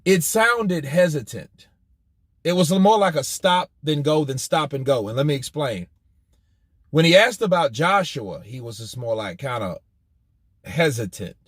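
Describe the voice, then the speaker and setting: A man hosting a boxing news channel, talking in an animated, profane way and firing off rhetorical questions. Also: fairly high pitch, unhurried, breathy edge, no echo, clean studio sound. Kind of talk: commentary vlog.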